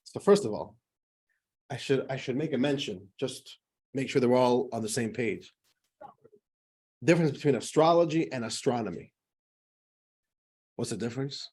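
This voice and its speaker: A man's voice: mid-range voice, moderate pace, long pauses, darkish tone, slightly rough. A man teaching a class as a rabbi, in a chatty, joking style full of fillers. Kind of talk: casual classroom lecture.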